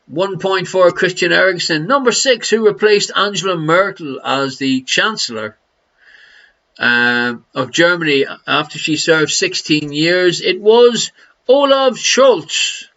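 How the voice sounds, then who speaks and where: A man's voice: a little high, measured pace, bright, forceful tone, dull audio. A man with an Irish accent hosting a live online quiz, jokey and teasing, laughing between questions. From Ireland. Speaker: quiz host.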